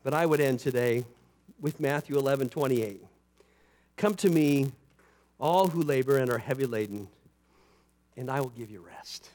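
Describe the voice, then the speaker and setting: A man preaching a sermon as pastor, talking conversationally with asides and slowing down to stress scripture. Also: medium pitch, a little mellow. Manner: rises and falls for emphasis, slows on scripture; conversational asides with "you know" and "right".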